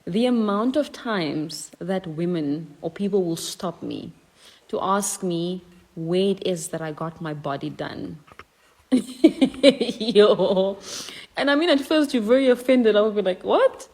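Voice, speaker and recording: A woman's voice: medium pitch, takes it slowly, poor audio. A woman, telling a casual, chatty story to the camera. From South Africa. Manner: chatty, laughing, animated. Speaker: reaction creator.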